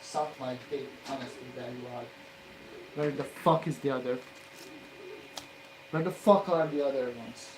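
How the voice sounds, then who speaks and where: A man filming himself doing electronics work mutters and swears through his soldering, his quiet commentary breaking out into loud, profane shouting. His medium-pitched voice is a little slow with frequent pauses, and steady background noise runs underneath.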